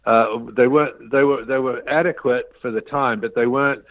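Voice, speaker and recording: An interview guest rambles through a business story, acting out the quoted dialogue. His mid-pitched voice has fairly even intonation at normal speed, heard over a tinny, dry phone line with no room echo.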